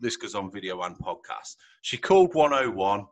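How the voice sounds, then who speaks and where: A man hosting a podcast in a chatty, jokey way and laughing loudly. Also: on the low side, very animated, normal speed, no echo. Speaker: podcast host. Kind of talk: casual podcast chat.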